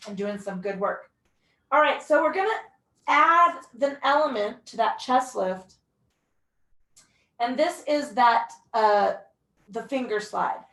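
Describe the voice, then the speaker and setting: A woman's voice: on the high side, fairly bright tone. A young woman leading a mat pilates class, giving breath counts and encouraging cues with the odd whoop. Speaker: pilates instructor. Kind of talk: guided workout instruction. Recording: echoey room, voice from a distance.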